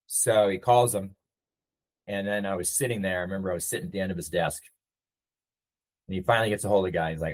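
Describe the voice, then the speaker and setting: A man's voice: deep voice, fast, poor audio. A middle-aged man, a navy veteran and nonprofit leader, telling his story in a casual interview and acting out the lines of people in it. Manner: reflective storyteller who acts out quoted dialogue.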